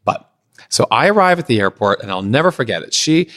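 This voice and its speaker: A middle-aged man from Pennsylvania, a guest on a podcast, telling a long anecdote in an animated way and acting out what others said. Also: mid-range voice, fairly quick. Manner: animated, acts out others' lines in shifting voices. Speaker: podcast guest, event designer. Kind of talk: anecdotal storytelling in conversation.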